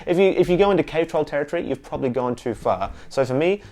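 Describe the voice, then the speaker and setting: A man teaching bass in an easygoing, chatty way, singing notes to show how they sound. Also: animated, fast. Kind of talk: instructional music lesson. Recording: loud bass guitar playing behind the voice. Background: bass guitar.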